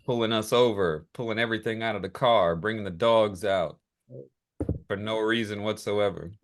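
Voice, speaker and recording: A man's voice: on the low side, moderate pace. A man co-hosting a podcast, chiming in casually with reactions and short asides. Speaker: podcast co-host. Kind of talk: casual chat.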